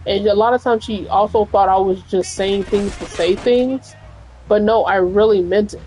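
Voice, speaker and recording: A woman gaming streamer plays at home while telling a long, rambling story, speaking frankly and peppering it with "like" and "you know." Her medium-pitched, mellow voice has fairly even intonation and a normal pace, in a rough recording with slight background noise.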